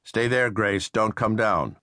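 Storybook tycoon in his fifties, firm and commanding, deep-voiced , as a male narrator puts him on. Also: slow pace, pushed and bright, dry recording, clean studio sound. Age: 50s. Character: rich, stern self-made tycoon, age fifty-two.

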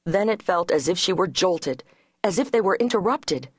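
A woman with a fairly low voice reads an audiobook in a measured, even way. The recording is dry and close, with no room sound. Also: breathy edge, no echo. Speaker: audiobook narrator. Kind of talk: scripted audiobook narration.

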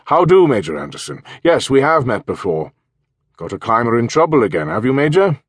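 A man's voice: medium pitch, sing-song, brisk, slightly rough, no room sound, pitched above the performer's own voice. A man voicing a good-natured young village constable with a teasing manner. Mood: friendly.

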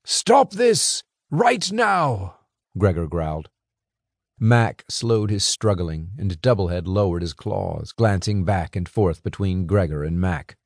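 A man narrating a fantasy audiobook in a dramatic, expressive way, close to a studio mic. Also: sits low, a little slow, no echo. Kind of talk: scripted narration.

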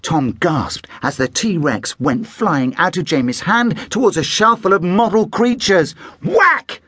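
A man narrating a children's audiobook in an animated storytelling manner, close on a studio mic. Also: high voice, unhurried, breathy edge, no room sound.

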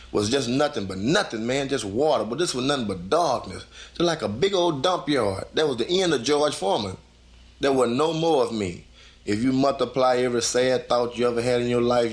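A man giving a live spoken testimony in folksy, loose conversational phrasing, acting out his own inner voice by going higher and louder.

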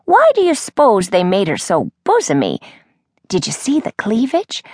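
A woman's voice: mid-range voice, wildly swooping pitch, normal speed, darkish tone, no room sound, clean studio sound. A woman voicing an older, wealthy grandmother who is chatty, nosy and chirpy. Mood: gossipy. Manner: chirpy and gossipy.

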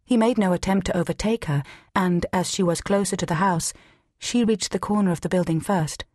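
A woman narrating an audiobook in a measured, steady reading. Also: lowish voice, dry recording, clean studio sound. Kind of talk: scripted narration.

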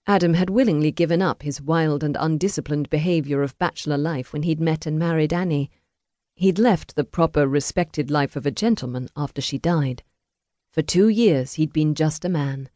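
A woman's voice: sits low, normal speed, mellow, no echo. Woman narrating an audiobook, dry close sound. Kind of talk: scripted narration of a historical romance.

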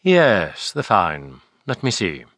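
Brief: medieval lord, low and quiet, calm command, voiced by a male narrator, deep dry read. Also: slow pace, no echo, heavily acted.

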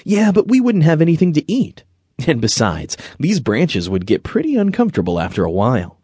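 A man voicing a thoughtful, polite young boy in an audiobook, sounding bright and sensible. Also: on the high side, wildly swooping pitch, a little fast, slightly rough, dry recording, voice pushed up, heavily acted. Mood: practical. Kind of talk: audiobook character voice.

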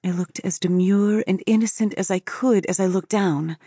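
A woman's voice: medium pitch, normal speed, mellow, husky, no echo, clean studio sound. A woman narrating a first-person story for an audiobook in an intimate storytelling manner.

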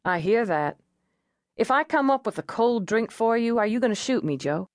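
A woman reading an audiobook voices a steady female police negotiator, calm and coaxing. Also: a little high, normal speed, no room sound, studio quality, pitched above the performer's own voice, lightly acted.

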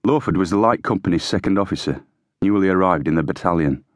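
A man narrating an audiobook in a steady, measured reading. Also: low voice, dry recording, studio quality. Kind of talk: scripted narration.

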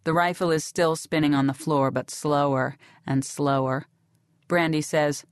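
A woman narrating a novel in the first person in a sardonic, deadpan way. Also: sits low, a little slow, no echo, clean studio sound. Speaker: audiobook narrator.

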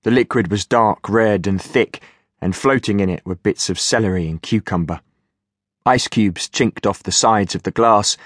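A man reading an audiobook as narrator in a steady, measured way. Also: low-pitched, no room sound, clean studio sound. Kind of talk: scripted narration.

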